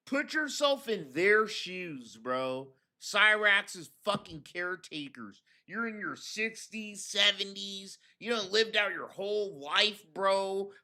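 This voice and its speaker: Bright-voiced, slow-talking mocking host. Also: male voice, high-pitched, lively intonation. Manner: profane, mocking, laid-back slang. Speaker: host commentator. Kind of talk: mocking reaction commentary.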